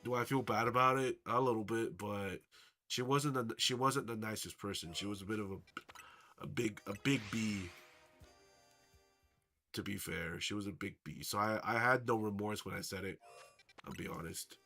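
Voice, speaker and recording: Chatty young man with a bright voice. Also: lowish voice, moderate pace. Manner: rambling, chatty, reacting to chat. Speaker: livestreamer. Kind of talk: casual live stream chat. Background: faint background music.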